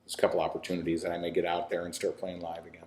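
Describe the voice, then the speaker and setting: A man's voice: sits low, completely flat delivery, rapid-fire, a little mellow, slight background noise. A man, a filmmaker and musician, chatting as an interview guest in a rambling, restarting way. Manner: rambling, with many restarts and laughs. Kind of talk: casual interview talk. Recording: roomy echo.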